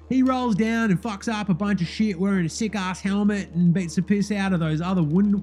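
A brash, foul-mouthed Australian bogan bloke, as a man puts him on, loud and rowdy in his talk. His voice sits high and keeps swearing. Faint music runs underneath. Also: lightly acted. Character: brash crude Aussie bogan basketballer man.

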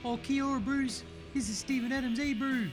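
A man putting on a high drawling Kiwi guy. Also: fairly even intonation, fairly quick, music in the background. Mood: laid-back. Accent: New Zealand. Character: laid-back Kiwi male basketball player.

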